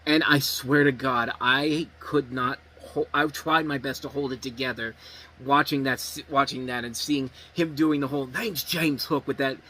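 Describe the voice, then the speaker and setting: A man's voice: medium pitch, fairly even intonation, normal speed, sharp tone, rough recording. A man reviewing movies in a casual, rambling and blunt way, swearing freely.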